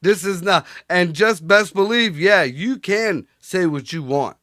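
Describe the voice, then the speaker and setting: A man's voice: high voice, a little slow, a bit bright, no room sound, studio quality. A father chatting casually on a podcast, blunt and profane, often laughing. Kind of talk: casual chat.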